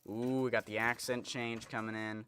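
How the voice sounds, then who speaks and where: A man's voice: fairly low pitch, flat delivery, normal speed, fairly bright tone, a little hiss or hum. A young man chatting casually as he plays a game, rambling with many restarts. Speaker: gaming streamer. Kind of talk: casual gameplay commentary.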